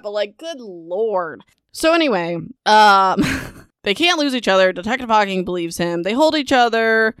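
A woman's voice: mid-range voice, a bit bright, smooth, no echo, studio quality. A young woman hosting a casual book recap podcast, talking in a sarcastic, dismissive way with lots of "like" and "whatever.".

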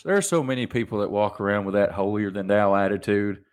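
A man's voice: lowish voice, fast talker, smooth. A young adult man hosting a solo podcast, ranting animatedly and mocking people in put-on voices. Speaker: podcast host.

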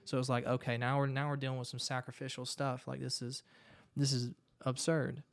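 A man's voice: medium pitch, level tone, fairly quick, gravelly. A man earnestly retelling a story in casual talk, with frequent restarts.

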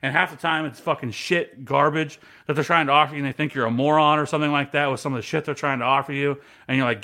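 A man chatting on a fantasy football podcast, with a bright, forceful voice that sits a little high for a man. He swears freely and tells his stories with animated energy. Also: quick pace, few pauses. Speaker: podcast co-host. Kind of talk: casual podcast chat.

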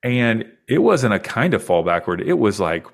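A man in his forties, a podcast guest, earnestly and reflectively recounting a deeply personal experience in conversation. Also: big pitch swings, moderate pace, creaky.

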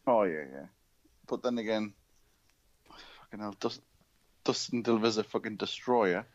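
A man's voice: lowish voice, moderate pace. A man co-hosting a podcast, chatting in a laid-back, hesitant way, recorded on a slightly dull lo-fi mic. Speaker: podcast co-host. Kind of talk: casual chat.

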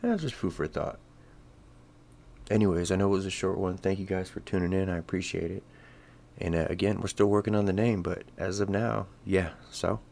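A man's voice: low-pitched, level tone, brisk, creaky, a little mellow. A man hosting a podcast, talking in a crude, sarcastic, rambling monologue full of swearing. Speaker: podcast host. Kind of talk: casual comedic monologue.

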